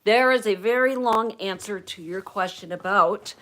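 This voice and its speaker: A woman's voice: medium pitch, normal speed. Chatty woman telling a story. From Pennsylvania, US. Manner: chatty, animated storytelling with acted-out quotes. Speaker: livestream host. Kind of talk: storytelling livestream.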